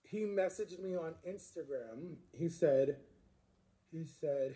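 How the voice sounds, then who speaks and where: Rambling man telling a story, mellow tone. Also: on the high side, takes it slowly. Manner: rambling, conversational, lots of fillers and restarts. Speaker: social media creator. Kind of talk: casual storytime monologue.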